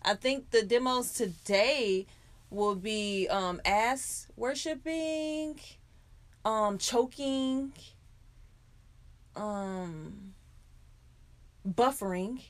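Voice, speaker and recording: A woman's voice: fairly high pitch, extremely slow, pauses often. A woman co-hosting a podcast in casual chat, frank and profane, laughing often. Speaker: podcast co-host.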